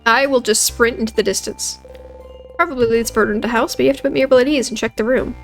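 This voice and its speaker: A woman's voice: fairly high pitch, steady tone, quick pace, faint music behind. A woman hosting a let's play, chatting and joking casually as she plays a video game. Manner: joking, chatty, self-deprecating. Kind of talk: gaming commentary.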